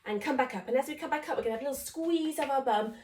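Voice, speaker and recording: A fitness instructor races through a home workout in a high, darkish voice, chatting, encouraging, and counting reps as she runs out of breath. Slight background noise and room echo are present, and her voice sounds distant.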